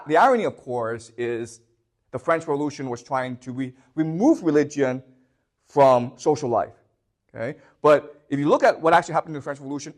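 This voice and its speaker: A man teaching a history class, speaking off the cuff with many fillers and restarts, often pausing to ask "okay?" to check that students follow. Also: medium pitch. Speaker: lecturer.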